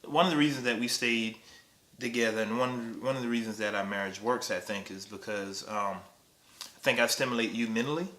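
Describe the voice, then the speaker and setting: Man, 30s, husband, teasing and playful, lots of ums, bright tone, roomy echo. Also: mid-range voice, brisk. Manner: teasing, playful, full of laughs and filler words. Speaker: husband on a couples channel. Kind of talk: casual couple chat. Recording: echoey room.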